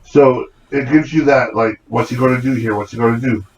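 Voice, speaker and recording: A man co-hosting a podcast, father of kids, talking in a halting, hesitant way in casual chat. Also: mid-range voice. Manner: halting, hesitant delivery with fillers. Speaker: podcast co-host. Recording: dull lo-fi sound with faint noise.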